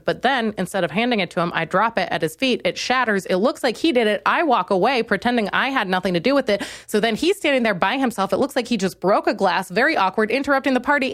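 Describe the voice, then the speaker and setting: A woman's voice: dry recording, clean studio sound. Crude, rambling young woman comedian. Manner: rambling, crude, self-deprecating, jumps into high exasperated rants. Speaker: comedian podcast host. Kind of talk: solo comedic monologue.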